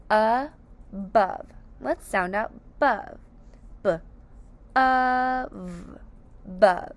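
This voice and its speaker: A woman's voice: medium pitch, creaky. A woman teaching a phonics lesson, sounding out each word syllable by syllable with careful, over-enunciated speech. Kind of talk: slow, deliberate phonics lesson.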